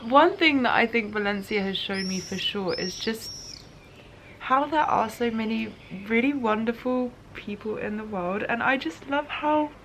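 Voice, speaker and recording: A woman's voice: a little high, unhurried, fairly bright tone, a little hiss or hum. Musing, emotional young woman vlogger. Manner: emotional, musing, tearful at times. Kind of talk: reflective voice-over diary.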